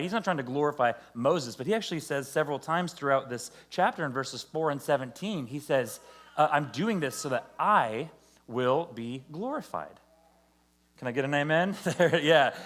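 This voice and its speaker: A man giving a conversational, joking sermon to a church, acting out quotes along the way. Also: medium pitch. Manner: conversational, jokey preaching with acted-out quotes. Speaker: pastor. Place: church service.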